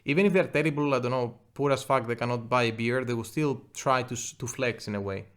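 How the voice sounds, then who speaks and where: A man's voice: mid-range voice, fast, a bit bright, smooth. A man co-hosting a comedy podcast, chatting loosely and swearing. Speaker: podcast co-host. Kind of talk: casual chat.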